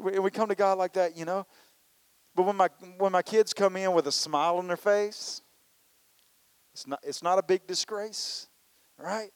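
A man's voice: high-pitched, moderate pace, clean tone, no room sound. A man preaching a conversational sermon, often saying "you know" and acting out people's complaints in prayer. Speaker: pastor.

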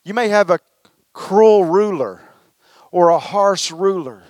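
A man preaching a sermon as pastor, animated and calling on the congregation to respond. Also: high-pitched, slow pace, dry recording, clean studio sound. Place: church service.

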